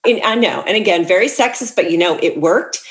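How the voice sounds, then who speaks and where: A woman author being interviewed, chatting casually with quick asides and frequent laughter. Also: lowish voice, animated. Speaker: author guest.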